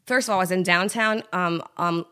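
A woman from Trinidad, a guest in a casual interview, telling her story in an animated way and acting out the voices of people she quotes. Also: fairly low pitch, brisk, clean tone.

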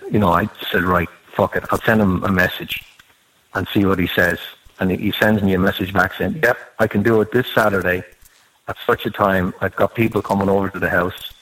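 A man's voice: low-pitched, poor audio. A man telling a rambling anecdote in a casual podcast chat, swearing freely as he goes. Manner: swears freely, animated storytelling.

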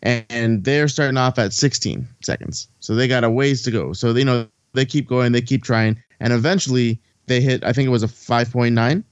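A man's voice: mid-range voice, normal speed, few pauses, clear, resonant tone, no echo, dull audio. A man recapping a movie in a casual podcast chat, rambling and swearing freely while acting out the characters' lines.

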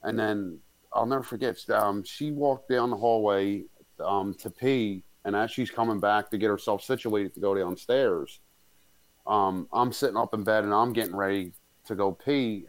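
A man with a fairly low voice tells a long personal story in a loose, rambling way. He swears crudely and leans on fillers as he goes. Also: moderate pace. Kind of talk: casual storytelling.

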